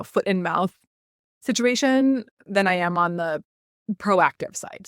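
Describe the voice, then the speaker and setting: Woman podcast host, mid-pitched, chatty and playful, dry close mic. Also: no echo. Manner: chatty, playful, acts out quoted lines. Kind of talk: casual solo podcast talk.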